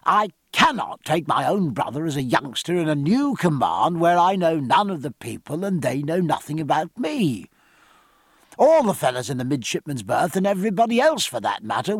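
A bluff, booming naval captain, voiced by a man reading a novel aloud. His speech swings up and down with lively energy, over a slightly husky tone. The sound is close and dry. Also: no echo, full character voice. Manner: bluff, booming, old-fashioned sailor's talk.

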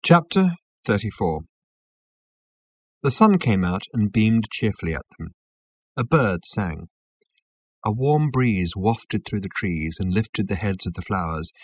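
A man narrating a comic novel as an audiobook, with a wry, expressive delivery. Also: on the low side, slightly rough, no room sound.

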